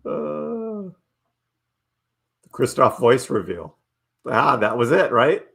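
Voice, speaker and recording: A man's voice: mid-range voice, huge pitch swings, takes it slowly, creaky, a bit bright, breathy edge. A middle-aged man hosting a casual live stream, chatting loosely with his viewers, reading their messages aloud and laughing often. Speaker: livestream host.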